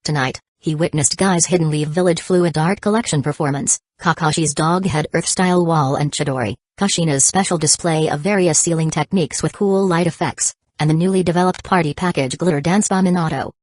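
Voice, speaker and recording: A woman narrating an audiobook in an even, steady reading. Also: deep voice, fairly quick, hardly any pauses, no room sound.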